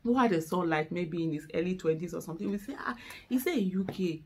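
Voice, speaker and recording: With a fairly low voice and a slight hiss or hum in the background, a middle-aged Nigerian activist talks fast and animatedly to camera in a Nigerian accent. Her speech is impassioned and fervent, climbing into exasperated outbursts, and she is tearful, near breaking down.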